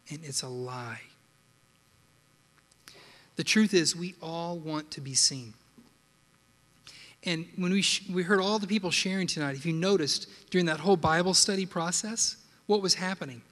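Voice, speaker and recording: Guy preaching, high and bright, big echoey hall, tells stories with lots of "right?" asides. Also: normal speed, long pauses. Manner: animated storyteller, rhetorical asides. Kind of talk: sermon with personal storytelling. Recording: long hall reverb.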